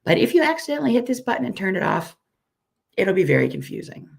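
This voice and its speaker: A woman with a weak, hoarse voice from a recent illness gives a friendly, self-deprecating live software tutorial and repeats each step slowly. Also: mid-range voice, sing-song. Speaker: software instructor.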